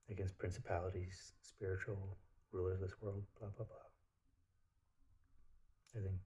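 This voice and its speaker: Low, mellow-voiced man rambling. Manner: rambling, profane storytelling. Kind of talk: casual monologue.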